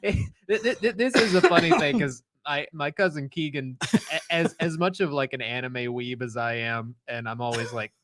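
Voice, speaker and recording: A young man co-hosting a casual chat, laid-back and quick to laugh. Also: on the high side, lively intonation, heavy background noise.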